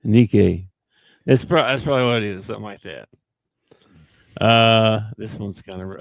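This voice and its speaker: A man's voice: fairly low pitch, moderate pace, vocal fry, long pauses, no echo. A man co-hosting a sports podcast, talking in an easygoing, chuckling casual way. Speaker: podcast co-host. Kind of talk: casual chat.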